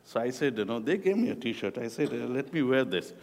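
In a reverberant church hall, a middle-aged Indian man preaches to young people as a visiting speaker and youth ministry director. His medium-pitched voice swings widely in pitch, while his delivery stays slow and measured, with non-native phrasing. The room's echo lingers long after each line.

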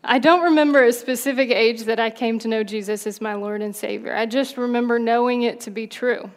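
A woman in her thirties, a pastor's wife, sharing her testimony in a soft, gently self-deprecating way. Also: fairly high pitch, fairly even intonation, a little fast. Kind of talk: personal testimony in church. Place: church sanctuary. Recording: long church hall reverb.

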